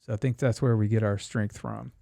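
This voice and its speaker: Male co-host, slow and gravelly, dry sound. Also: on the low side, little pitch movement, mellow, dry recording. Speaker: podcast co-host. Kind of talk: casual chat.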